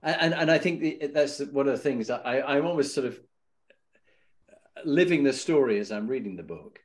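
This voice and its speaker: A man's voice: mid-range voice, expressive, normal speed. A man hosting an interview series, asking rambling, hesitant questions. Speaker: podcast host. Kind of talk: conversational interview.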